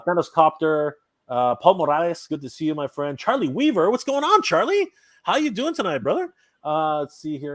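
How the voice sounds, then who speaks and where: A man from Canada hosts a live stream, greeting viewers one by one with upbeat shout-outs. His fairly high voice jumps around a lot in pitch. The sound is dry and close. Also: no room sound. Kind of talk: casual live-stream chat, reading viewer comments.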